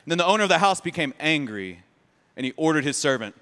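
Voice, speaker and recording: A male pastor preaching a lively sermon, joking and sarcastic, often repeating words. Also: fairly high pitch, quick pace. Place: church sanctuary. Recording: long reverb of a church hall.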